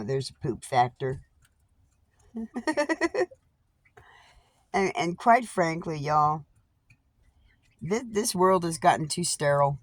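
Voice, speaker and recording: A woman talks slowly to her camera, her low voice swinging in pitch as she makes her points. She is blunt and swears freely. The sound is dry and close. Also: dry recording. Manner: coos high-pitched baby talk to her pet birds; blunt and profane, says y'all. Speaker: vlogger. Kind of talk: casual chat to camera. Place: at home with pet birds. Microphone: camera on a tripod.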